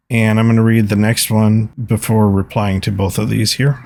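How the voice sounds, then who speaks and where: Male podcast host, lowish voice, earnest and reflective, dry close-mic sound. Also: little pitch movement, moderate pace, darkish tone, no room sound. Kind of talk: solo podcast talk, reading listener comments.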